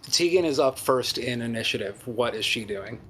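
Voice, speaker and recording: A man narrating as dungeon master in a casual game session, pausing often with ums and restarting his sentences. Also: medium pitch, animated, a bit bright, slight background noise. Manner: hesitant, many ums and restarts.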